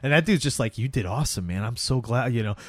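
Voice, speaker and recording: A man's voice: mid-range voice, quick pace, dry recording. A young man in casual chat, recapping a TV episode and acting out the characters' lines as he goes. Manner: animated, acts out characters' lines while retelling. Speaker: podcast co-host.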